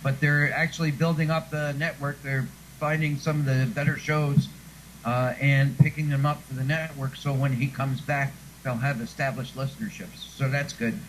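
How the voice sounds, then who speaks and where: A man's voice: mid-range voice, level tone, normal speed, a little hiss or hum, rough recording. A man being interviewed who once read radio news, telling chatty stories and laughing often. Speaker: guest; former radio newscaster. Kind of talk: casual chat.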